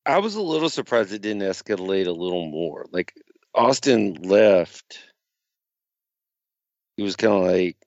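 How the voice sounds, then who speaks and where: A man's voice: low voice, expressive, unhurried, long pauses, a little mellow, dry recording, highs cut off. A man co-hosting a casual wrestling review, who asks questions and teases in a dry way. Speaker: podcast co-host.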